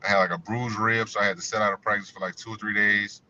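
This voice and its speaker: Forceful, low-voiced man telling his story. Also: fairly even intonation, quick pace. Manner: conversational, fills with "you know". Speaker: guest, former college running back. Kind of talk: interview storytelling. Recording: dull lo-fi audio with faint noise.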